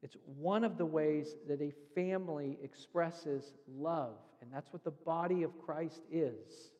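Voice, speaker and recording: A male pastor preaching with a slightly raised pitch and an earnest teaching manner. He walks through scripture step by step. His voice rings with the long reverb of a church sanctuary. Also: unhurried, warm tone. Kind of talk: sermon.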